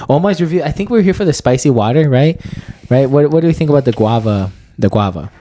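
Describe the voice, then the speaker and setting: This is a young male comedy podcast co-host with a warm, dark tone. He talks in loose, rambling casual chat, and his stories keep circling back on themselves. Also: medium pitch, expressive, fast talker. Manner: rambling, loose, full of "bro" and "you know what I mean".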